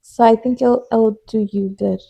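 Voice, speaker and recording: Woman, very dark voice, gravelly, flat steady pitch, gentle and reassuring, casual podcast co-host. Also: moderate pace, dull audio. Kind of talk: casual supportive chat.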